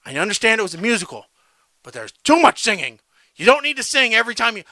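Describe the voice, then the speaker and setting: Man, podcast co-host, ranting, keeps saying all right, high pitch, swoops a lot. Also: sing-song, a little fast, bright, forceful tone, dry recording. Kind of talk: casual podcast chat.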